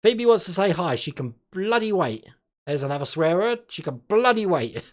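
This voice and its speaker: A man's voice: high voice, big pitch swings, normal speed. A man from Australia hosting a casual live stream, chatting and laughing often and tripping over his words now and then.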